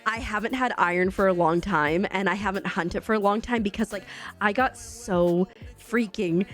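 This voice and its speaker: A woman's voice: mid-range voice, normal speed, soft background music. A chatty woman with a light Canadian accent, laughing often as she talks casually to her live-stream chat while gaming. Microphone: desk microphone.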